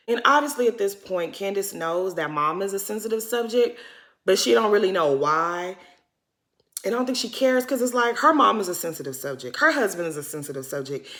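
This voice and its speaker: A woman's voice: medium pitch, expressive, moderate pace, sharp tone. A woman recapping a reality show in casual, gossipy talk, acting out the cast's lines with slang and blunt opinions.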